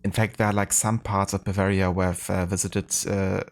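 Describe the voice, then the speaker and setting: Low-voiced streamer, rambling. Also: male voice, level tone, normal speed, creaky. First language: German. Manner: rambling, full of fillers. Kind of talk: casual live-stream chat.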